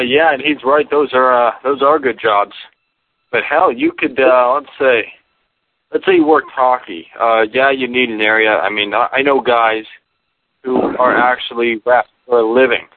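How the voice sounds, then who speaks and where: A man calling in, talking in a rambling, halting way with many fillers. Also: mid-range voice, no room sound. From Canada. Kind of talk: casual call-in chat. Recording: dry tinny phone line.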